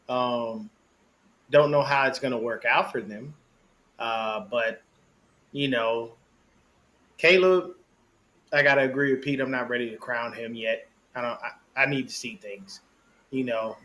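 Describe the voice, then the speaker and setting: A man co-hosting a casual sports podcast, chatting in an animated, slangy way and laughing often. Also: medium pitch, unhurried, pauses often. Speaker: podcast co-host.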